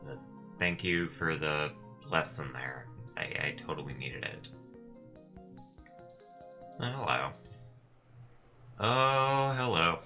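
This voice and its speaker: Slow, bright-voiced man doing game commentary. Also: a bass voice, lively intonation, faint music behind. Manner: wry, muttering asides and mock-sarcastic quips. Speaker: gameplay commentator. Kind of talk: casual gameplay commentary with read-aloud game text.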